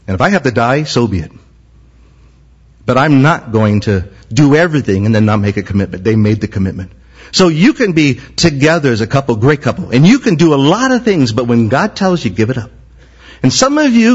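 A man's voice: medium pitch, slightly rough. A man, a senior pastor, preaching a sermon with an impassioned, repetitive cadence. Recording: muffled lo-fi recording.

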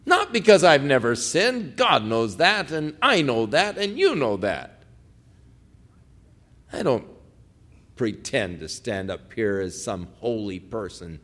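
Male pastor preaching, folksy anecdotes, soars high then sinks to a hush. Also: very animated, takes it slowly. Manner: swings from loud preaching to hushed pleading; folksy storytelling with restarts. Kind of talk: sermon.

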